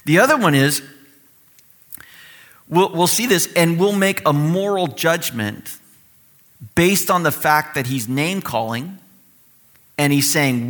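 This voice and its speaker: A man preaching a sermon in a conversational, animated way, acting out the voices he quotes. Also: fairly high pitch, normal speed. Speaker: pastor.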